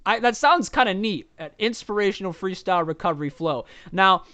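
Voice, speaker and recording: Livestream co-host, man, jokey and chatty, crisp voice, dry sound. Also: high-pitched, lively intonation, brisk, bright, forceful tone, no room sound. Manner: chatty, jokey, reads out viewer comments. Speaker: podcast co-host. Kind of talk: casual livestream chat.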